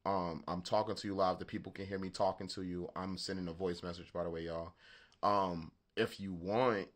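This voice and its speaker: A man with a Southern accent hosting a beat-making livestream, chatting casually in a halting, rambling way and swearing freely. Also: low voice, steady tone. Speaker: beatmaker livestream host. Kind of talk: casual live-stream chat.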